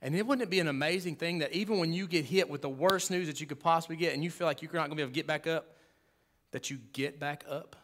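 A man's voice: a little high, quick pace, slight background noise. Man, pastor, sermon, emphatic, conversational, joking asides. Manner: emphatic, swings from loud to hushed.

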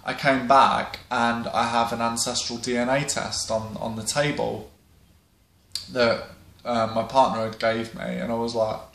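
A man's voice: medium pitch, level tone, measured pace, vocal fry, fairly bright tone. A young man from England, talking casually to camera with a rambling, um-filled style and plenty of swearing. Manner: rambling, many ums, swears freely. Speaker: vlogger. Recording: roomy echo.

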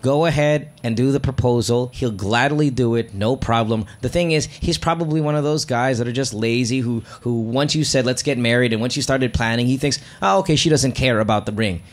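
A man's voice: medium pitch, a little fast, few pauses. A man hosting a call-in advice show, blunt and teasing, with casual cursing. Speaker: radio advice show host.

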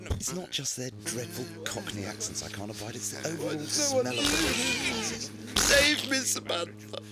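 A man's voice: medium pitch, animated, moderate pace, over loud music, natural voice. A man voicing a haughty prime minister caricature who repeats catchphrases in comedy game voice lines. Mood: pompous. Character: pompous posh male prime minister caricature.

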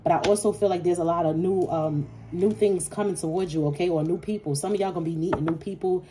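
Brief: woman tarot reader, low mellow voice, blunt and salty, faint hiss behind. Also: steady tone, fast talker. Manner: blunt, swearing, talks straight to viewers. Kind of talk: casual intuitive tarot reading.

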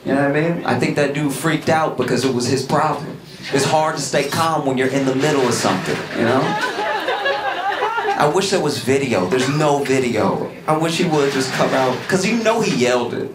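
A man from Louisiana doing a stand-up set in a comedy club, acting out quoted voices and yelling the punchlines. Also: medium pitch, moderate pace, over a noisy crowd, very noisy. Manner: animated, acts out quoted voices with loud yelling bits. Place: comedy club stage with audience. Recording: roomy club sound with loud audience.

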